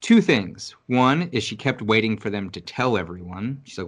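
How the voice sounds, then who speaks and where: Man from New York City, lower voice, casual, swears a lot, animated storyteller. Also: normal speed, few pauses. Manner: rambling, profane, animated storytelling. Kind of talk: casual conversation. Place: Virginia.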